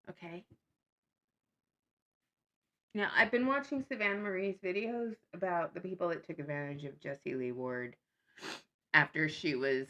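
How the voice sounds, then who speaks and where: A woman's voice: on the low side, a bit bright. Blunt, sarcastic woman vlogger. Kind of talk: casual chat.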